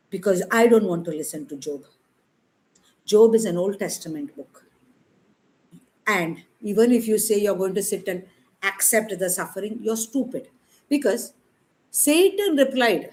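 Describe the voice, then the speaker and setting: A woman's voice: mid-range voice, rough recording. A woman, giving an informal sermon in a conversational, emphatic way with many rhetorical questions. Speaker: preacher.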